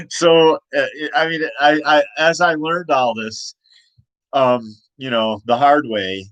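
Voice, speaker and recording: A man's voice: a little high, takes it slowly, a bit bright, no echo, low-quality recording. A man talking casually about his own comic, rambling with many restarts and laughs. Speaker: comic creator.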